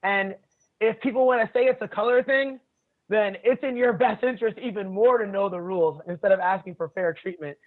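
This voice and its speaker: High-voiced man, blunt, over a tinny line. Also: fairly quick. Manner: blunt, profane, laughs often. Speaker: jiu-jitsu instructor, podcast guest. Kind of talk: casual storytelling chat. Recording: tinny phone-like sound.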